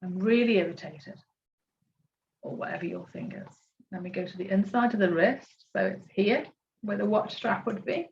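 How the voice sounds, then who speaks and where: A woman coaching a group through tapping points on a video call, gentle and encouraging as she walks through each step. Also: medium pitch, moderate pace, vocal fry, muffled recording, a little hiss or hum. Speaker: self-love coach leading a tapping class.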